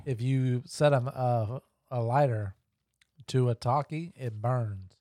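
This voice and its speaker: A man's voice: mid-range voice, slow, mellow, dry recording. A man hosting a casual podcast in a small home studio, easygoing and prompting his guest with questions. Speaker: podcast host.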